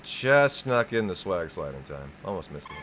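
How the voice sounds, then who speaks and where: A man's voice: low voice, big pitch swings, moderate pace, a bit bright, a little hiss or hum. Chatty man streaming a speedrun. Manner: chatty, rambling, laughs often, talks to chat. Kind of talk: casual chat while playing a game live. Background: game music.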